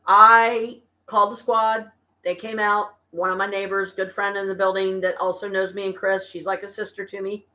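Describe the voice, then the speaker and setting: A worn-out woman talks to her viewers from her apartment in a casual live stream. She vents slowly and haltingly, with pauses and restarts. Her voice sits at an ordinary middle pitch. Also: little pitch movement, fairly bright tone. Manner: weary, venting, slow and halting. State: exhausted and stressed. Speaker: vlogger talking to viewers. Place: home apartment.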